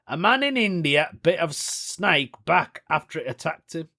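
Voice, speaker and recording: Lively male podcast host, slightly high voice, chatty and incredulous. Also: unhurried, creaky. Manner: animated, chatty, reacts with amused disbelief. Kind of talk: casual solo podcast chat and news reading.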